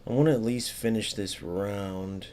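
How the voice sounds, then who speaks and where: A man's voice: fairly low pitch, steady tone, measured pace, a little mellow. A man streaming a football video game, talking casually to his viewers and acting out short exchanges with opponents. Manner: talks to his chat, acts out short exchanges in a raised voice. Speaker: gaming streamer. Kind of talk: casual gameplay commentary.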